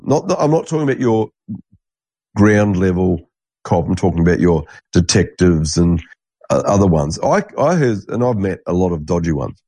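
A man's voice: low-pitched, sing-song, moderate pace, mellow, slightly rough, no echo. An Australian man in an angry, rambling, conspiratorial monologue, swearing freely. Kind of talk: ranting monologue.

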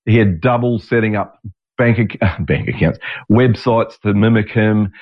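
A man's voice: fairly low pitch, a little slow. A man in his sixties hosting his own show in a rambling, digressive monologue, restarting sentences and swearing now and then. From Australia. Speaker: podcast host. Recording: dull lo-fi audio.

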